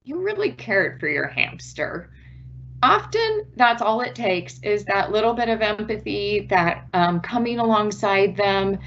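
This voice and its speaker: A woman's voice: medium pitch, a bit bright, lo-fi sound, slight background noise. A woman giving a virtual parenting presentation in an earnest, patient, instructive way. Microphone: video call.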